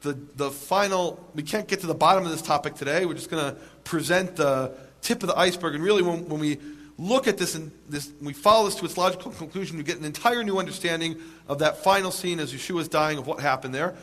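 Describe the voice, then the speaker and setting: Man, lecturer, high voice, emphatic, rhetorical questions, dry humor. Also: quick pace, fairly bright tone. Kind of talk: lecture to a live audience.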